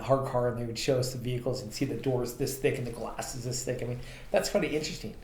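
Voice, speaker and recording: A man's voice: medium pitch, darkish tone. A man co-hosting a podcast, telling rambling anecdotes about his transportation business with lots of fillers. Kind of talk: casual storytelling chat. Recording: echoey room with faint ambient noise.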